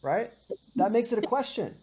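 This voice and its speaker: A woman's voice: mid-range voice, sing-song, moderate pace, noisy background. A woman teaching a one-on-one guitar and singing lesson, patiently explaining and often checking in with "right?". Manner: patient, explains with many "right?" checks, sings short demonstrations.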